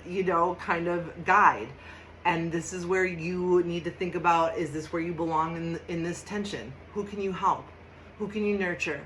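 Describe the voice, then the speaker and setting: Woman host, casual tarot reading, chatty and emphatic, a touch low-pitched, faint room noise behind. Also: rough recording. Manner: chatty and emphatic, laughs often, bursts into loud mock shouts.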